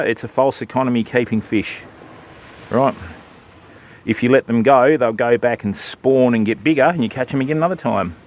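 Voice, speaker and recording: A man's voice: mid-range voice, a little hiss or hum. An Australian man chatting casually with viewers on a live fishing stream from an outdoor beach. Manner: chatty, matey, answering viewers.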